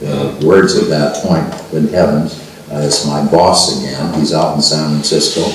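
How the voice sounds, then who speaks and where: An older man telling a personal story to a seminar group, halting and restarting often. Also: extremely low pitch. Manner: halting, with frequent restarts and fillers. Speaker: seminar speaker. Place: meeting room at a spiritual center. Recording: roomy archival recording from far off.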